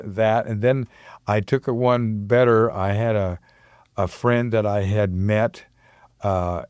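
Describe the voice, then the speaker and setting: A man's voice: lowish voice, a little mellow, clean tone, no room sound, studio quality. An older man, a musician guest on a community radio show, telling rambling stories and giggling often. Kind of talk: casual radio conversation.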